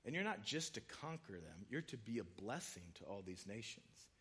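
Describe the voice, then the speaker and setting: A man's voice: fairly low pitch, big pitch swings, normal speed, a bit bright, husky. A man preaching a sermon in a conversational way, acting out quoted voices. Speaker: pastor.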